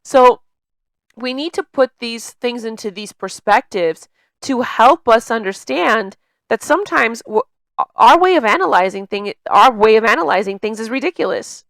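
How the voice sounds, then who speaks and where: A woman's voice: on the high side, expressive, moderate pace, a bit bright, no room sound. A woman coaching in a casual talk, with a slight stutter that makes her repeat words mid-sentence. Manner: conversational, many fillers like "you know" and "like". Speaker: emotional intelligence coach.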